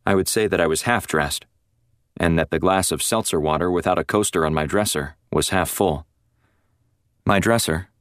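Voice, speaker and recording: A man's voice: sits low, no echo. A man narrating a first-person novel as an audiobook in a dry, wry storytelling manner. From North Florida.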